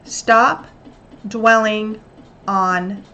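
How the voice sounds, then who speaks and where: A woman's voice: mid-range voice, fairly even intonation, extremely slow, pushed and bright, lo-fi sound. Earnest woman giving self-help tips. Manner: earnest, coaching tone with acted-out examples. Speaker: host. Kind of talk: motivational self-help talk.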